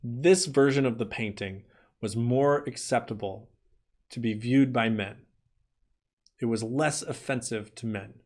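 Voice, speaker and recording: A man teaching an art history lesson in a clear, explanatory way, sometimes slipping into playful asides. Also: mid-range voice, a little slow, darkish tone. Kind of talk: classroom lecture.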